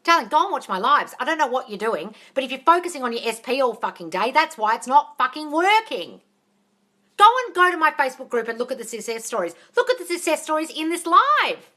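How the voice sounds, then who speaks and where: Bright-voiced, blunt woman on a live Q&A. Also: high voice, big pitch swings, a little fast. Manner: blunt and profane, calls listeners darling. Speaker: manifesting coach answering live questions. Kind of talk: casual live Q&A. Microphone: phone.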